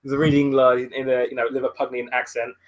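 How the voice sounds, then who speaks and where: A man's voice: medium pitch, flat delivery, fast, lo-fi sound. A man co-hosting a livestream, teasing his co-host and laughing a lot. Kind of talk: casual banter on a livestream.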